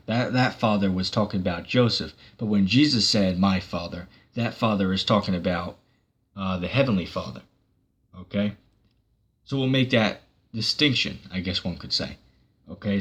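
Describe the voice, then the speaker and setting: A man's voice: fairly low pitch, fairly bright tone, breathy edge. A man giving a casual online sermon, rambling with many fillers and breaking into sarcastic bursts. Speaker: preacher.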